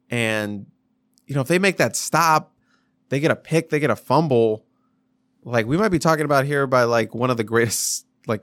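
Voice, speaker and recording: A man's voice: on the low side, a bit bright, no room sound, clean studio sound. A man co-hosting a podcast, rambling loosely through a casual sports chat with lots of fillers and restarts. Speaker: podcast co-host.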